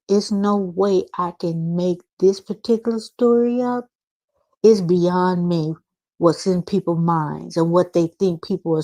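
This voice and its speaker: A woman's voice: fairly low pitch, warm tone, no room sound. A woman hosting her own podcast, reading a news story aloud with chatty asides to her listeners. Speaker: channel host.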